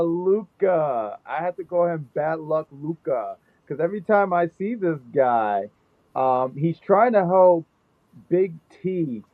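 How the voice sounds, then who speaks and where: A man's voice: high voice, no room sound. Joking man over a tinny phone-like line. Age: 30s. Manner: joking, playful riffing on a nickname. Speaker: podcast co-host. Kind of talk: casual wrestling chat.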